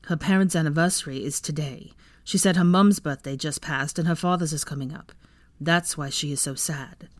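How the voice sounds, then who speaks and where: A woman's voice: sits low, normal speed, dry recording, natural voice. Woman voicing a guarded, world-weary young man. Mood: worried. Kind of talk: fan fiction audiobook reading.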